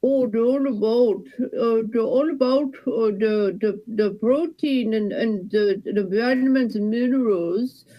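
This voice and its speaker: A woman's voice: extremely high pitch, animated, unhurried, lo-fi sound. A woman performing as a chatty grocery store cashier, rambling with many ohs and ums. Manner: rambling, lots of ohs and fillers. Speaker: improv performer. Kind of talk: live improv monologue.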